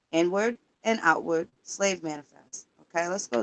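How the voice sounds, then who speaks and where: A woman's voice: fairly low pitch, animated, takes it slowly. A woman livestreaming in casual talk, emphatic and profane, firing rhetorical questions while she searches records online. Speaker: livestream host.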